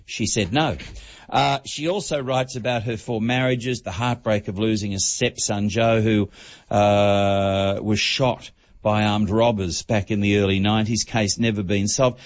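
A man giving an entertainment report on talk radio, talking quickly, with many fillers and restarts. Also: fairly low pitch, fairly even intonation. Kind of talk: radio chat, book review. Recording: dull broadcast audio.

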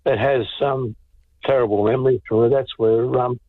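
A man calling in to a radio show, talking in a halting, hesitant way and calling the host mate. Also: mid-range voice, fairly even intonation, no room sound. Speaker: caller. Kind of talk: talkback phone call. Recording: tinny phone line.

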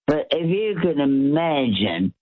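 A man's voice: a little high, sing-song, takes it slowly. A man with a West Australian accent, chatting on the radio in a rambling way. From Western Australia. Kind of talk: casual radio chat. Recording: tinny phone line.

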